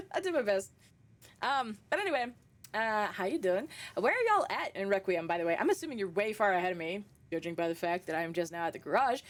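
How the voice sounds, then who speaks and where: A young woman streaming a horror game, chatting casually with viewers, laughing often and swearing freely. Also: medium pitch. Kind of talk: casual live-stream chat.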